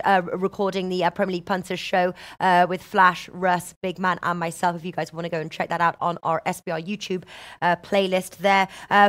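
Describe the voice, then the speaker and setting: A woman hosting a live-streamed football betting chat, upbeat and reading out viewer comments. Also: fairly low pitch. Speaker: betting show host.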